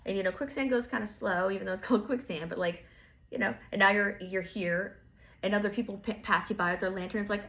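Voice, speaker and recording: A woman's voice: medium pitch, steady tone, fast talker, a bit bright. A woman giving a casual tarot reading, rambling and full of filler words, with the odd swear. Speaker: tarot reader.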